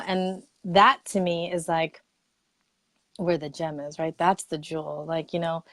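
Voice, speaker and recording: A woman speaking as a guest expert in a casual livestream chat. She tells her stories with animated energy, laughing easily and acting out quoted lines. The sound is dry and close. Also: on the low side, dry recording.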